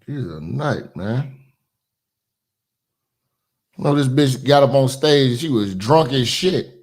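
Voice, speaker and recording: A man hosting reaction commentary, ranting loudly and profanely, then dropping to a mutter. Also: mid-range voice, expressive, slow pace. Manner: loud ranting, swings to muttering. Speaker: commentary host.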